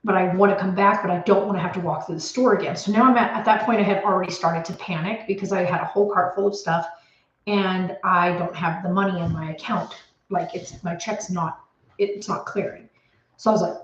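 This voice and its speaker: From her home office, a homestead vlogger tells a story to camera in a casual but anxious, rambling way, near tears and restarting often. Her voice is fairly low and fairly quick with fairly even intonation. The audio is roomy and slightly muffled.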